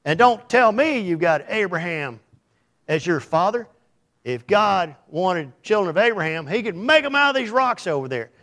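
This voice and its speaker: A preacher doing a harsh, scolding prophet. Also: male voice, high voice, big pitch swings, moderate pace, pitched above the performer's own voice. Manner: scolding, loud and cutting. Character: harsh blunt desert prophet, adult man.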